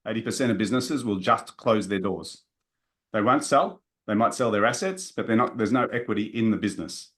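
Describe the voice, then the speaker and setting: A man giving a live business seminar in a direct, energetic way, talking straight to the audience in the room. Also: lowish voice, fairly quick. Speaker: business coach presenting a workshop.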